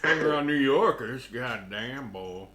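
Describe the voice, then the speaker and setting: A man's voice: mid-range voice, lively intonation, measured pace. A man co-hosting a podcast in casual chat, teasing and profane. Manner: teasing, profane, calls people boy. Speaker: podcast co-host. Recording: background chatter.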